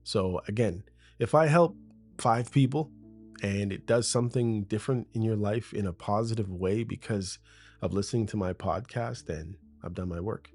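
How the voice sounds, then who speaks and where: Man, podcast host, husky voice, casual rambling talk, foam-shielded mic, faint music behind. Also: fairly low pitch, moderate pace, a little mellow. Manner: riffing, talks off script like to a best friend. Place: home room in front of a window. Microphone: studio mic with a foam shield.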